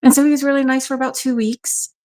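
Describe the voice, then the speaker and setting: A woman's voice: sits high, flat delivery, fast talker, a little mellow. A woman from South Carolina, frankly recounting a personal ordeal as a radio show guest. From South Carolina, USA. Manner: frank, matter-of-fact storytelling. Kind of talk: personal testimony.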